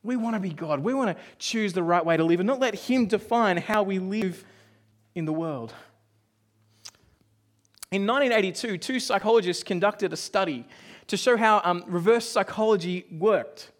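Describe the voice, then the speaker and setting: Male pastor, high voice, chatty sermon delivery with asides and hushed drops. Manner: conversational storytelling with asides and quick dips to a hush.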